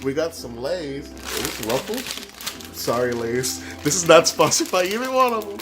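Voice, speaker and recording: Over music, a man with a slightly high, expressive voice talks at a moderate pace in a casual home vlog. Walking from his bedroom to the kitchen, he earnestly answers relationship questions, breaking off for asides and restarts.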